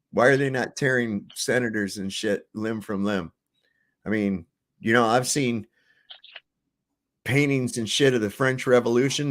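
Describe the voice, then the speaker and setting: A man hosting a livestream, reacting to clips with profane, sarcastic commentary and rants. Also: medium pitch. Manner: sarcastic, ranting. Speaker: livestream host.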